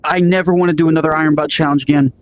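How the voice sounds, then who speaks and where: A man's voice: on the high side, fairly even intonation, rapid-fire, smooth, low-quality recording. A man telling a story casually, acting out what each person said with lots of "he goes" and "I'm like". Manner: acts out quoted dialogue, lots of "I'm like" and "he goes".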